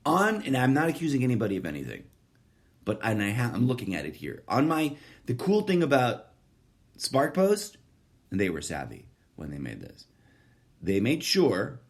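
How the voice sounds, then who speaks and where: Profane, rambling man with lively pitch. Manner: profane, sardonic, digressive. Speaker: podcast host. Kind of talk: rambling solo monologue.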